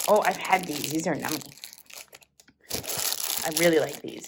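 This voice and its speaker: A young woman, chatting casually as she opens packages, gushing with excited exclamations. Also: sits low, normal speed, noisy background. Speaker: vlogger. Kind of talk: casual unboxing chat.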